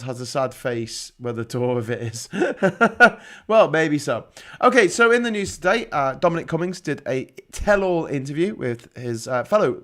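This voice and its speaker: Brief: middle-aged English livestream host, slightly higher voice, sarcastic, sweary, laughs at his own jokes. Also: fairly bright tone. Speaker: livestream host reading viewer comments. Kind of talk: casual ranting live chat.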